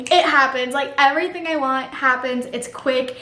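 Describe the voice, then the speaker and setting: A young woman chatting casually about books in a vlog, gushing and animated, full of slang. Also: sits high, a little fast, hardly any pauses. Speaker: book vlogger. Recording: echoey room with faint ambience.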